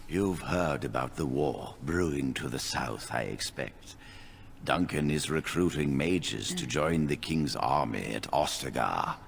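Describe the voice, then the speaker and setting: An actor playing a kindly elderly head mage in a video game, with a gentle, grandfatherly, unhurried manner. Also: very deep voice, animated, vocal fry, a little hiss or hum, exaggerated voice. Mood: welcoming.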